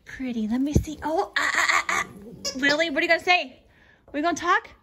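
A woman's voice: high-pitched, a little fast, pushed and bright. A woman coaxing and cooing at her dogs in a sing-song voice, in a home video. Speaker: dog owner. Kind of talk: casual baby talk to pets. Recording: home video with background noise.

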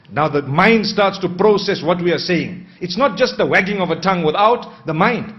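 A man preaching a sermon, measured and posing rhetorical questions he then answers. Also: high-pitched, expressive. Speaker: Islamic preacher. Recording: dull lo-fi recording.

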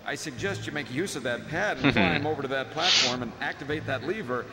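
A man voicing a downbeat adult male robot mentor in a video game, slowly giving instructions. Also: mid-range voice, animated, very noisy, lightly acted. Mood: glum. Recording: long reverb, loud game music. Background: game music.

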